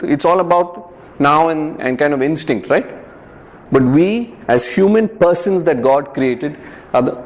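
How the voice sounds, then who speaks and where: Man, youth group speaker, slightly raised pitch, earnest, chatty, keeps asking "yeah?". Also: a little mellow. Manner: repeats words and checks in with "yeah?" and "right?"; conversational, earnest, lightly humorous. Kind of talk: informal faith talk to a youth group.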